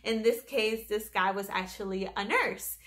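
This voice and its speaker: A young woman vlogger telling a story in a casual, animated way, swearing often and full of fillers. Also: medium pitch, measured pace, a little hiss or hum.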